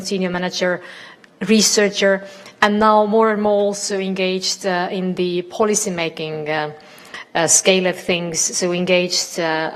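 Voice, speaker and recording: Woman moderator, chatty, introduces speakers, long hall reverb. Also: mid-range voice. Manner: chatty, warm asides, many fillers. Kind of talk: moderating a panel. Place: conference hall.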